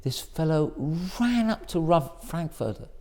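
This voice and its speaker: A middle-aged man, a rabbi, telling a story in a sermon and acting out the voices of the people in it. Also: unhurried. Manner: animated storyteller, acts out quoted voices in a higher pitch. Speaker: rabbi giving a Torah talk.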